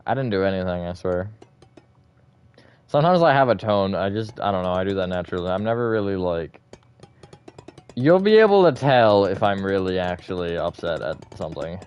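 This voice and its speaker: A man livestreaming a building game, rambling as he thinks aloud and swinging between flat, disappointed-sounding talk and bursts of energy. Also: low-pitched, a little fast, clean tone, highs cut off, soft background music. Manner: rambling, thinks aloud with fillers and self-corrections. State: short on sleep. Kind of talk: casual livestream chat while gaming.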